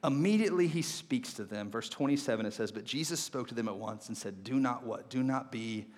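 Man, pastor, sermon, animated storytelling, excited then hushed, church auditorium reverb. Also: medium pitch, a little fast. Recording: long hall reverb.

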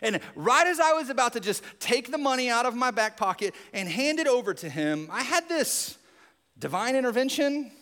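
A man preaching a sermon as pastor, telling a story with animated, expressive delivery and dropping into hushed reflective moments. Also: very high-pitched, normal speed, in a large hall.

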